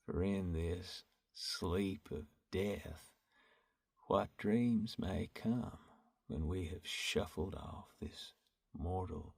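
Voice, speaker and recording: A man doing an impression of a laid-back Southern movie star, reciting a soliloquy in a slow drawl with half-whispered musing. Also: low voice, gravelly, breathy edge, distant mic, exaggerated voice.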